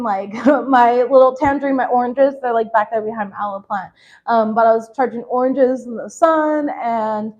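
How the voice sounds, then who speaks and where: A woman's voice: a little high, highs cut off. A woman chatting casually as she gives a tarot reading, peppered with "like" and "you know". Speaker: tarot reader.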